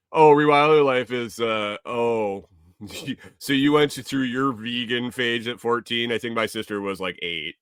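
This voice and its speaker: A man's voice: medium pitch, slow pace, fairly bright tone, smooth, no room sound, studio quality. A man from Minnesota hosting a casual livestream, rambling through viewer comments and laughing often. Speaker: livestream host.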